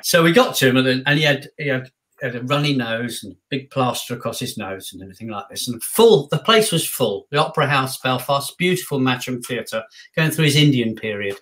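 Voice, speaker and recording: A man telling a show anecdote as a guest, animated and acting out the voices he quotes. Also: medium pitch, brisk. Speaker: guest actor. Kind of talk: casual anecdote.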